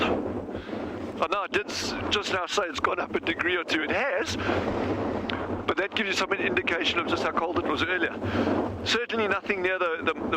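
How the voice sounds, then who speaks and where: A man with a South African accent giving chatty, excitable live commentary as a safari field guide outdoors, often restarting his sentences. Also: fairly high pitch. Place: outdoors on a windy game drive. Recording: loud wind noise on outdoor mic.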